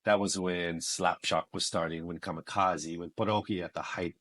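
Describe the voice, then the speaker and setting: A man raised in the United States, telling stories as a guest on a podcast, joking and animated. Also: low voice, normal speed. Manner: animated, joking, mixes in Filipino phrases. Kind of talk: casual interview storytelling.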